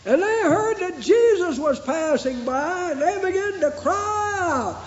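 A man preaching a sermon with fervent, rhythmic repetition that rises into shouts. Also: extremely high pitch, expressive, unhurried, few pauses. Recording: echoey, dull lo-fi recording.

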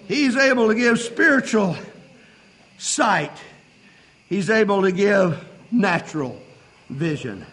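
A man with a strikingly high, bright voice preaches. He reads scripture and then rises into shouting fervor. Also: sing-song, takes it slowly, long pauses, a faint crowd, low-quality recording. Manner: reads King James scripture aloud. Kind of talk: sermon.

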